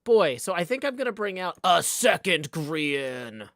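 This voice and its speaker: His high, fairly bright voice has a sing-song lilt and a measured pace, captured in a dry, studio-quality recording. He's casually streaming a card game, narrating his moves and making jokes as he goes.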